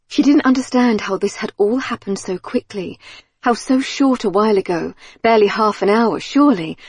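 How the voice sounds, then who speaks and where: A woman narrates a suspense audiobook in a measured, tense way, her mid-pitched voice carrying a soft husk. The recording is close and completely dry, with no room sound at all. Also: slightly rough, no echo. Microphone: close studio mic.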